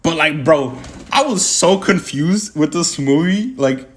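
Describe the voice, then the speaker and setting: A young man of Puerto Rican heritage chatting casually on a livestream, rambling and animated, with constant stammering restarts and slang. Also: on the high side, measured pace, husky. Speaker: streamer answering chat.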